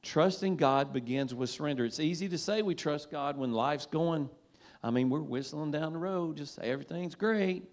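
A man's voice: a little high, moderate pace. A man in the role of pastor, preaching a sermon in a folksy, conversational way and leading the congregation in call-and-response. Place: church sanctuary.

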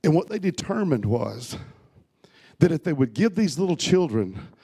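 A man preaching a sermon to his congregation, swinging from loud urging to soft, hushed storytelling. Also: a little high, big pitch swings, moderate pace, husky, dry recording. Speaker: pastor. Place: church hall with a congregation.

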